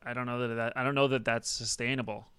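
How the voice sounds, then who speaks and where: A man's voice: mid-range voice, level tone, quick pace, bright, forceful tone, clear, resonant tone, no echo. A man co-hosting a podcast in casual chat, rambling and joking with a lot of swearing. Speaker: podcast co-host.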